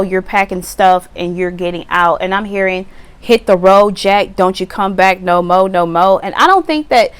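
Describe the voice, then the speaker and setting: A woman giving a casual tarot reading to camera outdoors, chatty and animated, now and then acting out the viewer's voice. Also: mid-range voice, smooth. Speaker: tarot reader. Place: outdoors on a windy day. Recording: wind noise, slightly distant mic.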